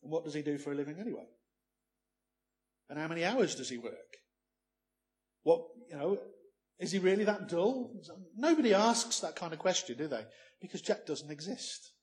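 A man's voice: a little high, expressive, normal speed, darkish tone. A man preaching a sermon, emphatic, often ending points with rhetorical questions.

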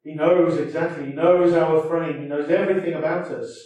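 A man's voice: fairly high pitch, steady tone, moderate pace, darkish tone, recorded from a distance. A man preaching a sermon in a conversational way, often adding tag questions and restarting his phrases. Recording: echoey hall, voice from off mic.

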